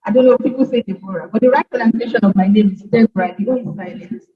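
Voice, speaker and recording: A woman's voice: on the high side, very fast. A young woman, a student giving a friendly, informal talk in an online session. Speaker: guest speaker, computer science student. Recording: echoey distant lo-fi call audio.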